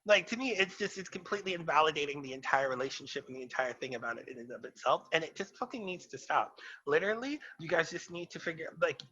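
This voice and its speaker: A man's voice: a little high, animated, fast talker, few pauses, pushed and bright, lo-fi sound. A man co-hosting a casual podcast chat, ranting in a sassy, emphatic way. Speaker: podcast co-host.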